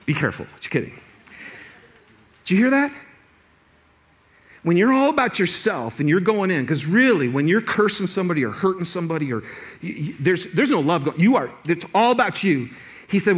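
Animated high-voiced male pastor preaching. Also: fairly quick. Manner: animated storytelling, restarts, laughs. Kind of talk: sermon.

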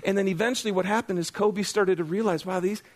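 A man's voice: high voice, quick pace. A middle-aged man preaching a sermon in a casual, conversational way, asking the congregation questions and joking at his own expense. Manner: conversational, self-deprecating, asks the congregation questions. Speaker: pastor.

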